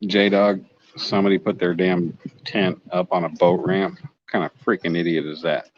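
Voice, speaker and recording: Man, very low voice, joking and chatty, dull lo-fi sound, dry. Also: level tone, moderate pace, background noise. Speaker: livestreaming fishing vlogger. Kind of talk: casual live-stream chat reading comments. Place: outdoors at a lake bank.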